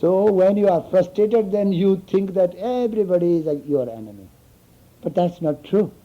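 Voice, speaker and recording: This is a man's high-pitched voice at normal speed, belonging to a spiritual teacher in an informal talk with students. Storytelling, chuckles, and frequent checks of "you understand?" fill it, on a dull lo-fi recording.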